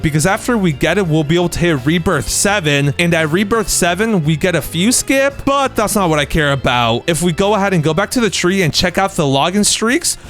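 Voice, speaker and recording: A young man giving casual, excitable commentary over his own gameplay, full of slang. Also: a little high. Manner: excitable slangy chatter, says bro a lot. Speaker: gaming channel host.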